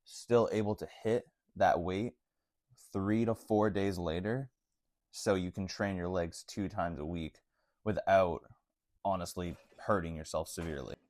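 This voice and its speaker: Young fitness vlogger, deep voice, loose slangy delivery, dry sound. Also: male voice, fairly even intonation, measured pace, a little mellow, dry recording. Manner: laid-back, slangy, full of "like" and "honestly". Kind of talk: casual talk to camera.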